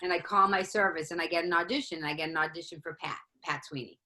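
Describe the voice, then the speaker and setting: A woman's voice: fairly low pitch, fast talker, low-quality recording. A woman from the Boston area telling a comic story in a casual chat among friends, acting out the people in it. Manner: animated, acts out voices in her story. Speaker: comedian guest.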